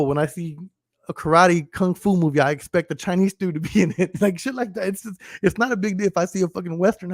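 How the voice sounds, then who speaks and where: This male podcast host's voice sits high, and he rants casually and profanely, rambling and laughing frequently while repeating "you know what I'm saying." The studio-quality recording has no room sound.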